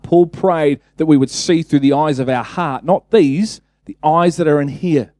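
A man's voice: fairly high pitch, mellow, no echo. A man preaching a casual sermon, talking conversationally, then building to emphatic bursts and asking the congregation rhetorical questions.

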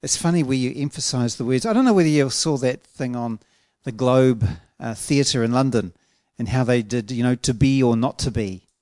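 A man preaching a sermon in an earnest, emphatic way, slowing down to stretch out key words. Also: mid-range voice, darkish tone, dry recording, studio quality.

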